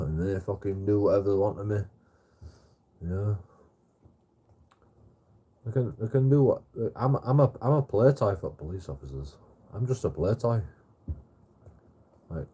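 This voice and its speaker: A man's voice: low voice, dark tone, slightly rough. A man telling a rambling story on a livestream, swearing heavily and repeating himself.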